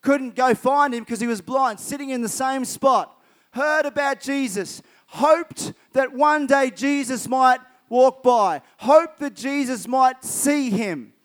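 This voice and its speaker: A man delivers a sermon in a strikingly high, clear and smooth voice. He retells scripture stories with lively emphasis and repeats key phrases to drive his message home. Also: slow pace. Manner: retells Bible stories vividly, acting out characters' lines. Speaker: preacher.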